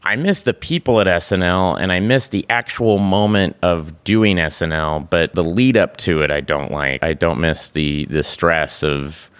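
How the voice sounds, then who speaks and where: Man, 40s, very low and smooth voice, casual halting talk with restarts, dry close recording. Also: fairly bright tone, no echo. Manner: halting, with frequent restarts and laughs. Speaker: guest, actor and creator. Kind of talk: casual interview chat.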